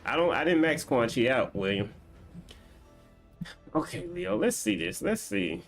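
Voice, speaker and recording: A man hosts a game live stream, bantering casually with his viewers as he reads their comments aloud. His pitch swings widely as he talks, and faint music plays underneath. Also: sing-song, measured pace.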